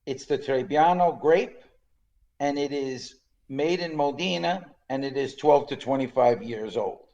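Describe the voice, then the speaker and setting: A man in his sixties co-hosting a podcast, telling stories in a lively, chatty way and laughing often. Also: mid-range voice, a little slow, muffled recording. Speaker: podcast co-host. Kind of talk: casual chat.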